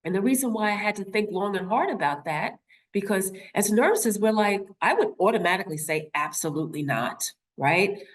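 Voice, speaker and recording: A woman's voice: medium pitch, expressive, brisk. A nurse in her fifties speaking to an audience, telling a personal story with rhetorical questions and acting out the voices she quotes. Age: 50s.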